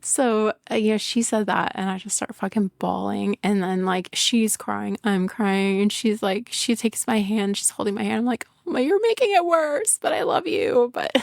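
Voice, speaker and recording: A woman's voice: mid-range voice, fairly even intonation, measured pace, gravelly, dry recording, clean studio sound. A woman hosting her own podcast, talking candidly about work and family in a rambling, casual way, with lots of "like", swearing and laughter. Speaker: podcast host; business owner and mother. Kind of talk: casual personal monologue.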